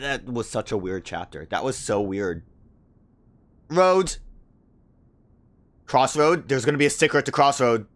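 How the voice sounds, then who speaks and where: A man's voice: mid-range voice, a bit bright. A man hosting a let's play, chatting casually and thinking aloud with lots of "like" fillers as he reads the game's lines. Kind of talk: casual gameplay commentary, reading dialogue aloud.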